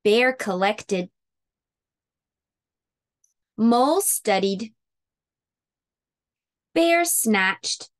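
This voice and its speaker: A woman teaching preschool circle time who reads a picture book aloud with expressive sound words. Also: medium pitch, extremely slow, long pauses.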